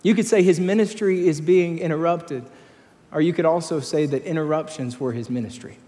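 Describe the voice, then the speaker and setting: A man preaching in a church sanctuary, his slightly raised voice trailing off into a long hall reverb. He tells his stories with animated energy and often repeats words as he builds toward each peak. It has the sound of a live sermon from the pulpit. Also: fairly quick. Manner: animated storytelling, rising in pitch and volume at climaxes, repeats words. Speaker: pastor.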